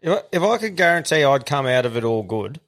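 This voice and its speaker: An easygoing man with an Australian accent banters on a casual podcast. His mid-pitched voice has a gravelly, fry-laden edge. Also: sing-song, quick pace, a bit bright. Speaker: podcast co-host. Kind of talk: casual chat.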